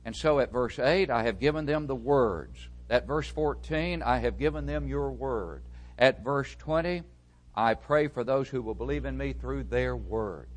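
A man's voice: medium pitch, a little slow. A man preaching a sermon, reading verses aloud and explaining them with strong stresses that drop away at phrase ends. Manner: emphatic, with rising stresses and falling, quieter phrase ends; reads scripture aloud, then explains it.

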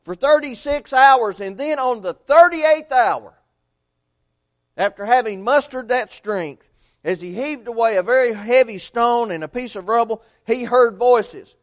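A man preaching a sermon, telling a story earnestly and swinging between loud and hushed delivery. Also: extremely high pitch, unhurried.

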